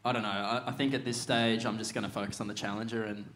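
A man's voice: fairly low pitch, level tone, fast, a bit bright, slight background noise. A young Australian man, a surfer guest, telling stories in a laid-back way with frequent laughs. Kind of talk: casual podcast chat.

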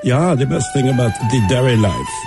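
Gravelly, bawdy co-host man. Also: medium pitch, expressive, normal speed, loud music behind the voice. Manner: crude jokes, puts on voices. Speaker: radio show co-host. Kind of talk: bawdy comic banter.

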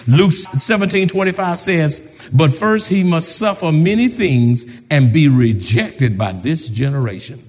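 Male pastor, high lively voice, sermon in reverberant church hall. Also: measured pace. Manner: animated preaching with call-outs and retold conversations. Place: church sanctuary. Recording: long reverb of a large hall.

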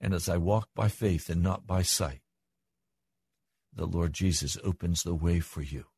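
A man's voice: unhurried, gravelly, darkish tone, slightly rough, dry recording. An older man preaching a sermon as pastor, earnest, with his voice rising for emphasis. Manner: earnest, rises in pitch for emphasis.

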